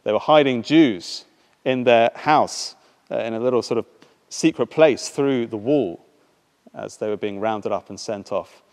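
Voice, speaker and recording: A man preaches to a congregation in a measured, unhurried way, pausing with small fillers as he reads a passage aloud. His voice sits at an ordinary male pitch. A long reverb from the hall lingers behind every phrase. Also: a little mellow. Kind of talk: sermon with a read-aloud passage.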